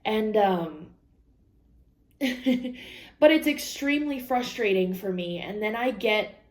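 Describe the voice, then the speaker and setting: A woman's voice: medium pitch, normal speed, a little mellow. A young adult woman talking candidly and rambling in a casual vlog, laughing often and quoting her own and others' words. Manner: candid, rambling, with frequent laughs and quoted asides. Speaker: vlogger. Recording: echoey room.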